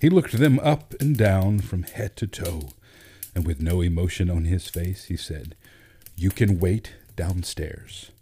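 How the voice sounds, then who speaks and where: A man narrating a storybook in a measured, gentle reading. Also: sits low, a little hiss or hum.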